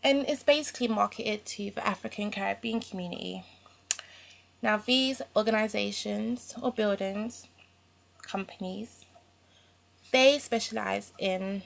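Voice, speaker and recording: A woman's voice: medium pitch, vocal fry, pushed and bright. A young woman, ranting in a rambling, indignant way with casual slang as a vlogger. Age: young adult. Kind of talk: ranting to camera.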